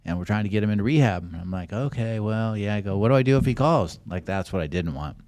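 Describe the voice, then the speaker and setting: Deep-voiced man telling rambling stories. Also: lively intonation, fast talker, a little mellow, no room sound. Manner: rambling anecdotes, acts out quoted voices. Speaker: guest. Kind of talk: casual podcast storytelling.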